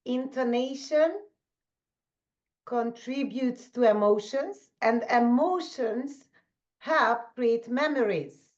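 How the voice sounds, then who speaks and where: Higher-voiced woman asking guiding questions. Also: slow pace. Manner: summarizing, asks guiding questions. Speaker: co-host. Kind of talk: interview conversation. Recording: slightly dull lo-fi audio.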